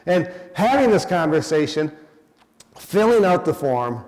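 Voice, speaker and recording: An older man giving a public talk as guest speaker, animated, acting out the people he quotes. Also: fairly high pitch, measured pace, long reverb tail. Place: event hall.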